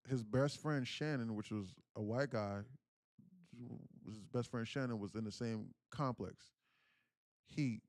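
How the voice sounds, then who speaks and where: Slangy, dry-voiced young livestream host. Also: male voice, medium pitch, no room sound. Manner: emotional storyteller, acts out quoted pleas loudly; casual slangy speech with frequent fillers. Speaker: day trading livestream host. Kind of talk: casual livestream storytelling.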